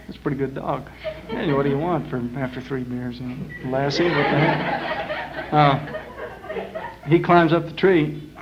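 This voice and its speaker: A man telling jokes on stage in a small lounge, in a rambling, folksy way with many pauses and uhs. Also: medium pitch. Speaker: performer. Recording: muffled 1960s live club tape.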